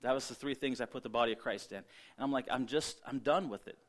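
A man's voice: mid-range voice, quick pace. A middle-aged man from Ohio preaching, telling a personal testimony with quoted dialogue and frequent restarts. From Ohio, USA. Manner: storytelling, quotes himself and others, many restarts. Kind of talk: sermon testimony.

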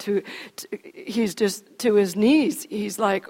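A woman preacher retelling a story in animated sermon style, asking her listeners questions. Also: medium pitch, measured pace, breathy edge. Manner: animated, acts out scenes, asks the audience questions. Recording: long reverb of a hall.

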